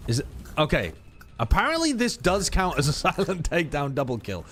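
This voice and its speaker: A man's voice: on the high side, a little fast, noisy background. A man streaming a game, joking and swearing as he comments to his chat. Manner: animated, swearing, mocking commentary. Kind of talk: casual gaming stream chat. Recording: game music underneath.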